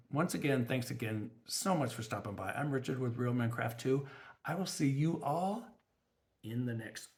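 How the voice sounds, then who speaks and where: A man's voice: medium pitch, a bit bright. A man in his sixties hosting a crafting vlog, talking casually to camera in a chatty, rambling way with lots of fillers. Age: 60s. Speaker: crafting channel host.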